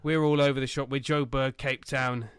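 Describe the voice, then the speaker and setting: Guy co-hosting a football podcast, gets loud and worked up, swears a lot, dry close mic. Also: mid-range voice, moderate pace, smooth, dry recording. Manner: animated, loud bursts, swears, laughs at own jokes. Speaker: podcast co-host. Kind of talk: casual football chat.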